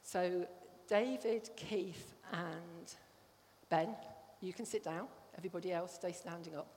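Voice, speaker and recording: A woman's voice: on the low side, a little slow, darkish tone, slight background noise. Woman preaching in a reverberant hall. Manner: conversational, checks in with the congregation. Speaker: church speaker. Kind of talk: sermon.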